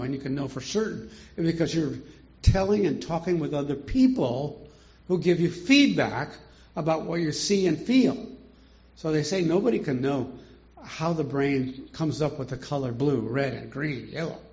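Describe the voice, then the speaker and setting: A man's voice: a little high, darkish tone. An older man teaching a Bible study in a chatty way, asking rhetorical questions and chuckling often, on a dull lo-fi recording.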